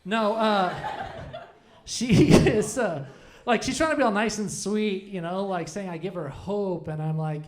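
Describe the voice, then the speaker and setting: A man's voice: high voice, unhurried. A man in his forties doing a stand-up comedy set on a club stage, rambling and self-deprecating with lots of restarts.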